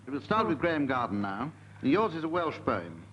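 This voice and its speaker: A man chairing a comedy panel game on radio, announcing scores and rules in a measured, deadpan way. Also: on the high side. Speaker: quiz chairman. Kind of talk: dry scripted game hosting. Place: radio studio with live audience. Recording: muffled, faintly hissy radio archive.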